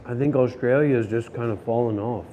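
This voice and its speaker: A man's voice: medium pitch, fairly quick, phone-quality sound, a little hiss or hum. Profane grumbling man on a walk. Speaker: vlogger. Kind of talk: casual rant while walking. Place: city streets and station, walking.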